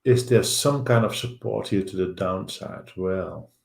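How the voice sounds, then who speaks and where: A man with a Dutch accent hosting a live stock market show, thinking aloud over charts with halting fillers. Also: low voice, creaky, echoey room, a little hiss or hum. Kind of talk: live trading chart commentary.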